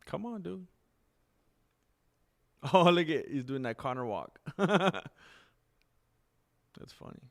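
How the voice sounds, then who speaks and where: A man hosting a live stream in casual chat, rambling candidly and jumping into high, excited bursts when he thanks viewers. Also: slow pace, gravelly, pauses often.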